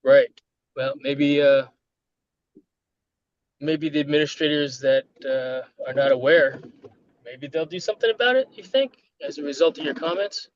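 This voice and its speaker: A man's voice: a little high, normal speed, pauses often, dull audio. A chatty man with a New York accent, laughing often while talking casually on a live stream.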